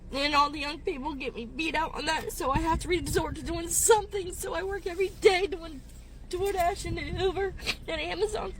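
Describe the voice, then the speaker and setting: A woman in her fifties speaks in a very high, tearful voice, rambling and distraught as she vents to her phone camera from inside a car. A faint hiss of background noise sits under her words. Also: fairly bright tone. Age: 50s. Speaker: gig delivery driver.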